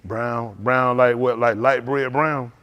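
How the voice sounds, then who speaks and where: A man's voice: mid-range voice, takes it slowly, smooth. A middle-aged man preaching a sermon, calling out to the congregation and teasing young listeners. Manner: animated, calls to the congregation, teasing asides.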